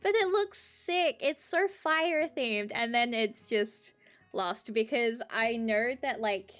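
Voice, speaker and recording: Australian woman streamer, unhurried casual chat, high bouncy voice, giggly, faint music underneath. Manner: giggly, swears freely, excitable.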